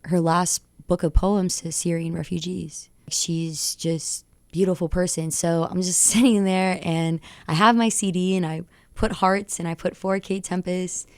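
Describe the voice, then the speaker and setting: A young woman rapper, a guest on a radio show, tells her stories in an excitable, tumbling rush. Her voice sits low and carries a gravelly fry. The studio mic sound is dry and close. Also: measured pace, few pauses, no echo. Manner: excitable, tumbling recounting with laughs. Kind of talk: animated storytelling interview.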